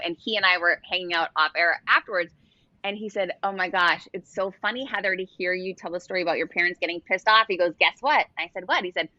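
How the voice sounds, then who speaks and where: A middle-aged woman with a bright, sharp voice tells stories as a guest, animatedly acting out the dialogue she quotes. The sound is dry and slightly dull, with no room around it. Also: mid-range voice, dry recording. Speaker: guest, author. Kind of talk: casual interview storytelling.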